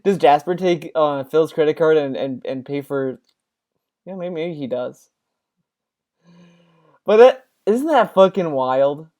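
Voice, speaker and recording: A man's voice: on the high side, expressive, slow, long pauses, a little mellow. A man doing casual reaction commentary, rambling and sarcastic, with many restarts. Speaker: commentary streamer.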